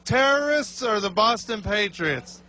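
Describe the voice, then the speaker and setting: A man with a high voice interviews fans on the street. He poses teasing, provocative questions. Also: animated, a little slow, bright, forceful tone. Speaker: street reporter.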